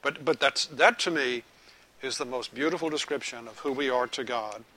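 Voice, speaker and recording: A man preaching a sermon to a live group, asking them questions and telling a lively joke. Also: mid-range voice, moderate pace, rough recording. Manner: animated storytelling, joke-telling.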